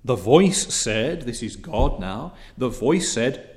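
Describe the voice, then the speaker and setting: A man preaching a sermon in a measured, repetitive cadence that builds in emphasis, with occasional hesitant fillers. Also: mid-range voice, darkish tone.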